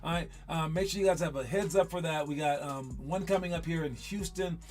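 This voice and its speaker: A man coaching basketball players in casual talk, animated and joking, often repeating himself. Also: on the high side, a little fast.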